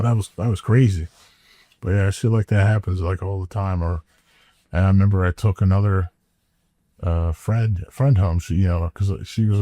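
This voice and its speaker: A man with a low, dark, relaxed voice tells a long story on a podcast. He drawls, stammers and circles back over his words. The recording is dry and close-miked. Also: dry recording. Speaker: podcast co-host. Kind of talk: casual storytelling chat.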